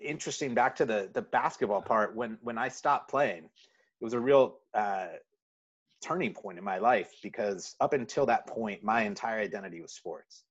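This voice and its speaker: A man's voice: on the low side, moderate pace, husky. A man with a neutral American accent, a guest in a casual interview, telling stories with many fillers and restarts. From New York City. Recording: muffled lo-fi audio.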